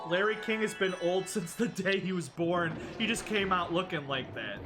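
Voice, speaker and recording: A live streamer giving casual reaction commentary, excitable, gushing loudly and then trailing off into mumbles. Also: mid-range voice, normal speed, hardly any pauses. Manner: excitable, swings between loud gushing and mumbling. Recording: clear music under the voice. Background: background music.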